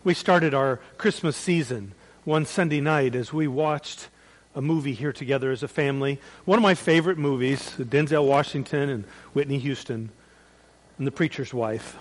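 A man preaching a sermon as pastor, swinging between loud, emphatic peaks and hushed, quiet drops. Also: mid-range voice, normal speed, rough recording. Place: church.

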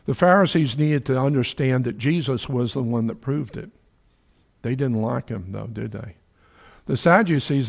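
A man preaching a sermon in a folksy, joking way, acting out the people in his story with big swings in his voice. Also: fairly high pitch.

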